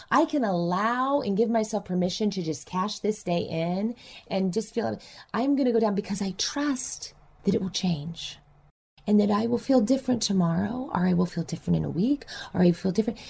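Animated woman counselor guest. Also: medium pitch, creaky, husky. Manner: animated, acts out clients' voices. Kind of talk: reflective interview talk.

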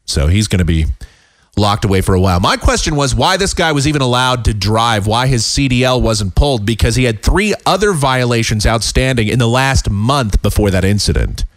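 A man hosting a casual solo podcast, talking in a rambling way with many fillers, his voice a little raspy and tired. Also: mid-range voice, lively intonation, a little fast, dry recording, clean studio sound. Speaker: podcast host. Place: home.

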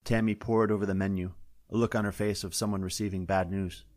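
A man, the author, reading his science-fiction story aloud in a steady, wry narrating manner. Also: deep voice, brisk, no room sound. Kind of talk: scripted audiobook narration. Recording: dry close-up studio sound.

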